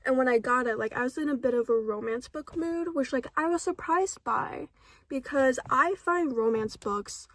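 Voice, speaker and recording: A young woman talking casually to her phone camera at home about books she read, dramatic, swinging from mumbled asides to excited shouts. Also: high voice, normal speed, no echo. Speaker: book vlogger. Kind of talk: casual book review chat.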